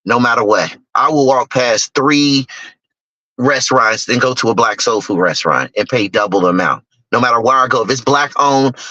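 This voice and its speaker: A man's voice: medium pitch, bright, forceful tone, no echo. A middle-aged man telling personal stories in an emphatic, candid way, acting out other people's lines. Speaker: guest speaker, investor. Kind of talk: personal storytelling talk. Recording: dull lo-fi dry recording.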